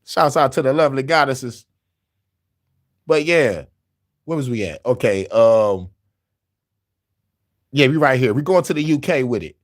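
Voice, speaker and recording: A man's voice: mid-range voice, animated, measured pace, pauses often. Laughing, profane man. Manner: laughing often, profane, loose slangy talk. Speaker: commentary streamer reacting to a video. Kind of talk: casual commentary.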